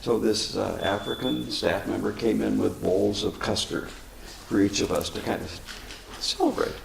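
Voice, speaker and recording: An older man, a Buddhist teacher, answering questions with unhurried, chuckling stories. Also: fairly low pitch, gravelly. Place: meditation center hall. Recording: echoey room, faint noise.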